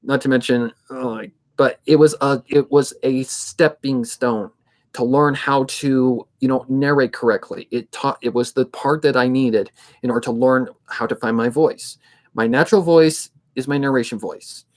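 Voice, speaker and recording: A man in his twenties who narrates fanfic readings, chatting casually on a livestream in a steady, somewhat monotone way and thinking aloud as he goes. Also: medium pitch, moderate pace. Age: 20s.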